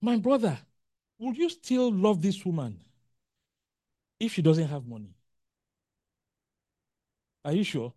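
A preacher giving a sermon in an animated way, acting out quotes and asking the congregation questions. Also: medium pitch, slow, pauses often, no echo, clean studio sound.

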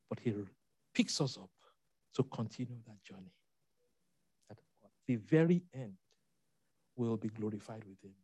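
A man's voice: medium pitch, warm tone, dry recording. A man preaching a sermon, emphatic, repeating key phrases and making asides to the congregation.

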